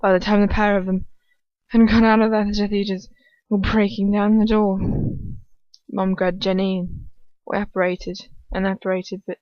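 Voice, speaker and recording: A woman reading aloud and voicing an earnest young male wizard in a plain lowered voice, a loyal friend. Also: level tone, normal speed, no echo, lo-fi sound, close to an everyday voice. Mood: somber. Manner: reads him in a lowered, plain voice.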